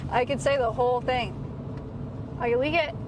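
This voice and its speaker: A woman's voice: a little high, moderate pace. A woman hosting a casual livestream from a car, teasing her companion in playful banter on a clip-on mic. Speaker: streamer host. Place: inside a moving car. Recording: loud road noise in a car.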